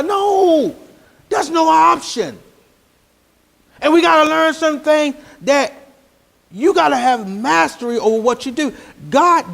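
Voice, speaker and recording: This is a male preacher. He talks to the congregation casually, then climbs into loud, emphatic runs. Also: very high-pitched, gravelly. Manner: conversational preaching, rising to emphatic. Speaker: pastor. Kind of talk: sermon.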